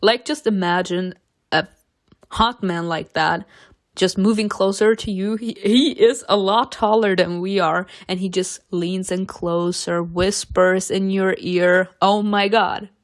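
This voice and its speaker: A young woman giving casual, sassy commentary while playing a story game, with emphatic protests that jump up in pitch. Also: steady tone, a little slow.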